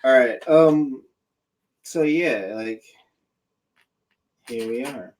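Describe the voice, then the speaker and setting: Man, podcast co-host, casual chat, profane, animated, quoting characters. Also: medium pitch, very slow, poor audio. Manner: profane, animated retelling with quoted voices.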